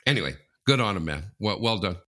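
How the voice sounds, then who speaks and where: A man with a very deep voice and a bright, forceful edge co-hosts a sports chat show. He talks bluntly and jokingly, often stumbling over repeated words. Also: lively intonation, fast talker. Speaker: podcast co-host.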